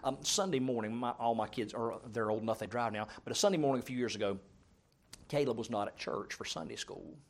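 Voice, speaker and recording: A man's voice: mid-range voice, fast talker, gravelly. Storytelling preacher, middle-aged man. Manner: storytelling, humorous, swings between loud and soft. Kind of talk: sermon.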